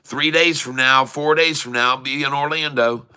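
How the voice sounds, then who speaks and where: A man hosting a casual livestream, chatting warmly and reading out where viewers are from. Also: medium pitch, fairly even intonation, moderate pace, clean tone. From Michigan. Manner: chatty, reads out viewers' locations. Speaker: livestream host.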